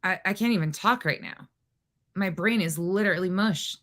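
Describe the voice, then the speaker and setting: Bright-toned exasperated woman streamer. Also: lowish voice, moderate pace. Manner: exasperated, rambling, frequent restarts. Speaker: livestream host. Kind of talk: casual livestream commentary. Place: home.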